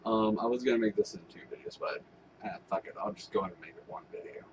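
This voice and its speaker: A man's voice: fairly low pitch, fast, muffled recording, slight background noise. A man talking casually to camera as a vlogger, rambling and swearing with laughing asides. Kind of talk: casual vlog commentary.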